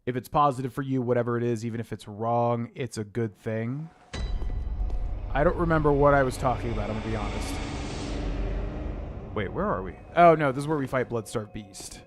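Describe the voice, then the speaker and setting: A young man talks through his game in a casual, wandering way, his voice sitting in an ordinary middle range. He breaks into loud excited yelps now and then. A faint hum runs underneath. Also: medium pitch, a little fast. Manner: rambling, chatty, sudden excited outbursts. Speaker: game streamer. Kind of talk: casual gaming commentary.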